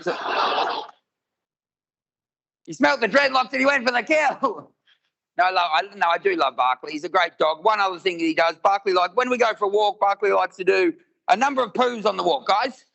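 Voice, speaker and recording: A man's voice: sits high, moderate pace, vocal fry, pauses often, sharp tone, low-quality recording. A man, telling stories in a live stand-up routine and acting out both sides of the dialogue. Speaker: stand-up comedian. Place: live comedy venue with audience.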